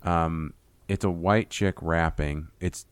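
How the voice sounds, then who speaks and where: A man's voice: low voice, slow pace, clean tone, no echo. A young man co-hosting a podcast, joking casually with some swearing. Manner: joking, profane, lively. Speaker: podcast co-host. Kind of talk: casual chat.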